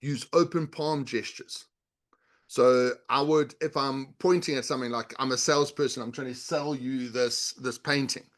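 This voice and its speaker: A middle-aged man speaking as an interview guest at an ordinary pitch. He teaches in a steady, instructive way, walking through everyday examples and demonstrations. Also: normal speed. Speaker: guest, body language author and leadership coach. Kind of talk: explanatory interview talk.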